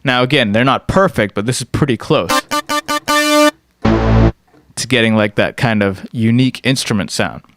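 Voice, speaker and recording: A man's voice: lowish voice, big pitch swings, measured pace, long pauses, fairly bright tone. A man giving a casual screen-recorded music production tutorial. He explains step by step and often checks in with "right?".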